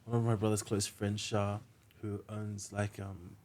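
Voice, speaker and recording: A man's voice: on the low side, flat delivery, unhurried, a little mellow. A man, a podcast guest, telling stories earnestly in a casual way, often saying "like". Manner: earnest storyteller, says "like" and "mate" a lot.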